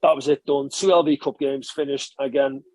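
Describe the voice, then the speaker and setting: A man, a former rugby player, telling stories in a relaxed interview and chatting casually with frequent swearing and restarts. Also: mid-range voice, moderate pace, no echo. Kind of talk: casual conversational storytelling.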